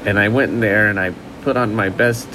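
A man's voice: lowish voice, steady tone, a little fast, background noise. A man hosting a casual podcast, often stammering and repeating words as he talks. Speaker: podcast host.

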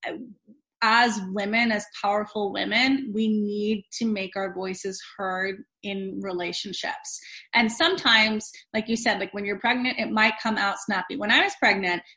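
Bright-voiced woman giving relationship advice. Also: fairly high pitch. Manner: quick, chatty, with many likes and fillers. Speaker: relationship coach. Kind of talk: casual interview chat.

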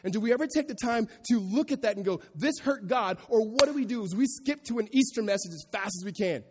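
A pastor preaching a sermon to a congregation, moving from quiet reflection to raised, emphatic delivery. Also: male voice, high-pitched, animated, fast, big-room sound, noisy background. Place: church sanctuary before a congregation.

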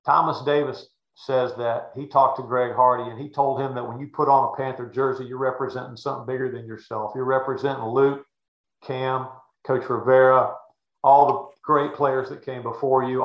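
A man's voice: medium pitch, little pitch movement, normal speed. Older male broadcaster, folksy and earnest, with a dull, echoey room sound. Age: 60s. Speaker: guest, sports broadcaster. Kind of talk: anecdotal storytelling.

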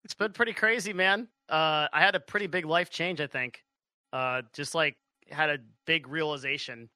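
A man's voice: fairly high pitch, normal speed, sharp tone, smooth, no echo. A man co-hosting a casual podcast, talking in a friendly, upbeat way. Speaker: podcast co-host. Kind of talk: casual chat.

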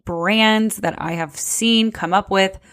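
A woman's voice: mid-range voice, steady tone, slow, a bit bright. A woman hosting her own podcast as a brow technician, talking casually and chattily with many fillers. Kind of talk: casual solo podcast talk.

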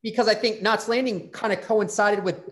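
A man's voice: high voice, normal speed. A middle-aged man hosting a casual interview, telling rambling stories and swearing freely. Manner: rambling, profane, lively storyteller. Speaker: podcast host.

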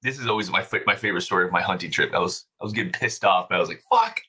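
A man's voice: low-pitched, fairly even intonation, racing, sharp tone, breathy edge. A man as a podcast guest, telling a story in a loose, profane, casual way and laughing often.

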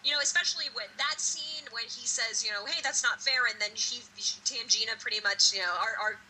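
Podcast co-host, woman, bright and gushing, slightly high, faint noise under the voice. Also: a little fast, poor audio. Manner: animated, swearing, gushing. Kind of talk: casual chat.

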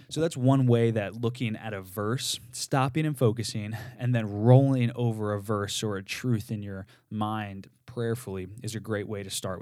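A man's voice: fairly low pitch, darkish tone, no echo, studio quality. A man co-hosting a podcast, earnestly teaching and repeating key phrases for emphasis. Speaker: podcast co-host teaching on meditation. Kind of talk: casual teaching talk.

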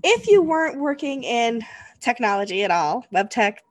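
A woman in her forties hosting a podcast interview, chatty and quick to laugh. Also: a little high, big pitch swings, no room sound. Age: 40s. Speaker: podcast host. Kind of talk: casual interview chat.

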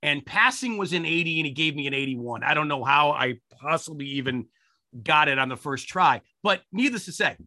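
Very bright-toned man chatting. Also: a little high, lively intonation, a little fast. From Rochester, New York area. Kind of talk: casual chat.

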